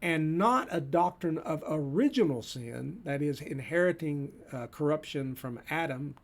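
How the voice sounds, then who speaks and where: A man's voice: a little high, vocal fry, darkish tone. A middle-aged man teaching a church history class, reading quotations aloud between loose remarks with many fillers and restarts.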